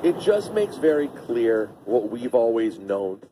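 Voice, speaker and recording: A man co-hosting a morning radio show, chatting casually and telling stories with animated quoted voices. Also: medium pitch, unhurried, a little hiss or hum. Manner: animated storyteller, acting out quotes. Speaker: radio co-host.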